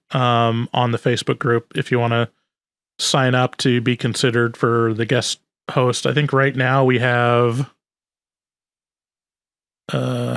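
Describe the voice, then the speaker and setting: A man's voice: medium pitch, clear, resonant tone, no echo, studio quality. A man co-hosting a podcast, chatting loosely with lots of fillers and jokes. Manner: loose, filler-heavy, joking. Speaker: podcast co-host. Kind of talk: casual podcast chat.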